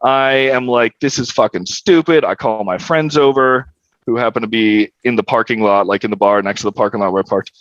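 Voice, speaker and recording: A young man with a lowish, dry voice tells a story on a podcast, candid and wry, swearing freely. The sound is a little dull and lo-fi. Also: fairly even intonation, brisk, a bit bright, dry recording. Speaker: podcast guest. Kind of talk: casual storytelling.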